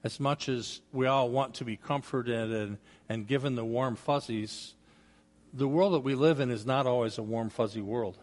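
A man's voice: medium pitch, moderate pace. An older man preaching a sermon as a guest preacher, telling personal stories in a folksy way. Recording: long reverb of a large hall.

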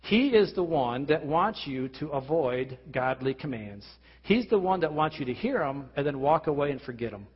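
A man's voice: a little high, animated, moderate pace, slightly rough. A man preaching a sermon as pastor, earnest, with rhetorical questions and frequent restarts. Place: church hall. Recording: lo-fi recording with long hall reverb.

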